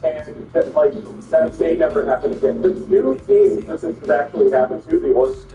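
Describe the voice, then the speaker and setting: A man's voice: on the high side, huge pitch swings, normal speed, reverberant, distant mic, muffled recording, music in the background. A man giving casual, rambling and profane commentary over a hockey game video. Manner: rambling, profane sports talk. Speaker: gaming video host.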